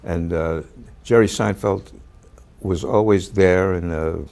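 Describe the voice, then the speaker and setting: In a low, steady, creaky voice, an older man who acts shares a story about an earlier role. He halts often, fills gaps and restarts, and every so often shouts out the lines he's quoting.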